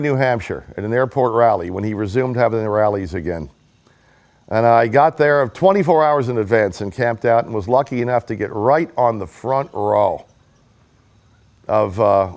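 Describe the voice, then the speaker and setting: A man's voice: mid-range voice, darkish tone. A man telling a personal story in an earnest, emphatic way, speaking as a political rally supporter giving a testimonial. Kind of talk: personal story told to the camera.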